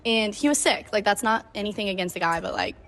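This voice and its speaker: In this casual storytelling monologue, a nineteen-year-old podcast host rattles off a chatty tale, peppering it with "like" and performed quotes. Her pitch sits in the middle, her tone is a bit bright, and her delivery is fast.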